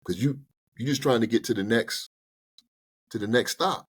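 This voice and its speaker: A man giving personal finance advice in a casual podcast conversation, talking in an animated, colloquial way and acting out little exchanges with banks. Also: mid-range voice, normal speed, slightly rough. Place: podcast studio.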